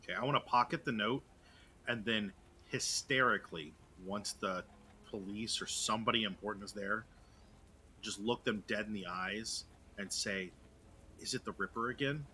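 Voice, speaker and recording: A man at a tabletop game, his voice very bright and sharp, tossing out playful jokes. Faint noise sits under the recording. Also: lowish voice, normal speed. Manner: playful, joking. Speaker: player. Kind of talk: casual tabletop game banter.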